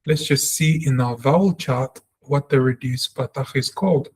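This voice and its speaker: A man's voice: medium pitch, normal speed, husky. A man teaching a language lesson, reading example sentences aloud and explaining them step by step, repeating sounds for practice. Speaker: Hebrew teacher.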